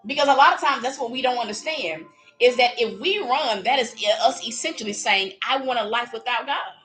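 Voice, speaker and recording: A woman preaching in a lively, casual way, acting out little voices as she speaks. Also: on the high side, brisk, soft background music, poor audio. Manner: animated, playful, acts out voices while preaching. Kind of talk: livestreamed preaching.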